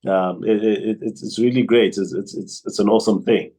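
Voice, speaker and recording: A man's voice: lowish voice, fairly even intonation, fairly quick, warm tone, poor audio. A man co-hosting a music podcast, talking casually and hesitantly with frequent restarts. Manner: hesitant, many restarts and fillers. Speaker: podcast co-host. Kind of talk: casual chat.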